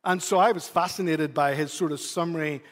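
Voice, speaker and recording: A man preaching a sermon as pastor, telling a story in an animated way and sometimes repeating words for emphasis. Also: fairly high pitch, brisk, big-room sound.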